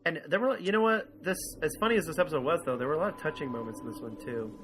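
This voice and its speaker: A man's voice: fairly high pitch, very fast, noisy background. A man co-hosting a casual review podcast, enthusiastically retelling scenes and quoting lines, often laughing. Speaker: podcast co-host.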